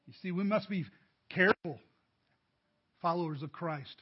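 A man's voice: sits high, moderate pace, long pauses, slightly rough, muffled recording. A man preaching a sermon as pastor, addressing the congregation directly with emphatic rises. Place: church.

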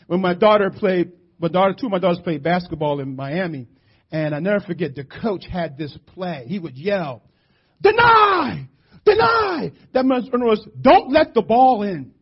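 A middle-aged man from West Philadelphia preaching a sermon, animated and storytelling, shouting for emphasis. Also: sits high, fairly quick, breathy edge. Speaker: pastor. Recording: muffled lo-fi church audio.

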